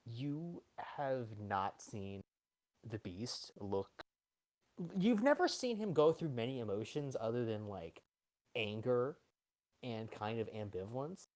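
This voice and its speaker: A man's voice: medium pitch, darkish tone, no room sound. A man running a tabletop game as game master, narrating loosely and playfully.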